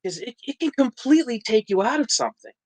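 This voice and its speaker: A man's voice: extremely high pitch, sing-song, fast, a little mellow, no echo, rough recording. A man from New Jersey, an actor and writer, chatting as a podcast guest, laughing often and restarting his sentences. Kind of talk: casual interview chat.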